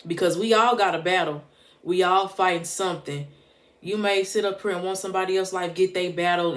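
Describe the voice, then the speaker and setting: A motivational vlogger speaking straight to the camera in a heartfelt, preachy way, often repeating points for emphasis. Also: mid-range voice. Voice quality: emphatic, preachy, casual street-smart phrasing.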